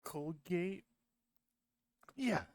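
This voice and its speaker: A man's voice: high-pitched, expressive, drawn-out words, dry recording, heavily acted. Man voicing a whiny, indignant space creature. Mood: grumbling. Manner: complaining, sulky.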